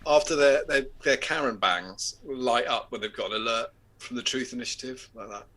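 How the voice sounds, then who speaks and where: A man from England hosts a loose, casual chat, reading news items aloud and drifting off into tangents. His voice is bright and forceful. He swears freely and laughs often. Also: medium pitch, normal speed. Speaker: host.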